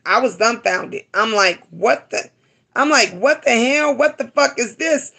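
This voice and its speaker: A woman's voice: fairly high pitch, sharp tone. A middle-aged woman hosting a live stream, talking to her viewers with emotion and often repeating herself for emphasis. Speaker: livestream host.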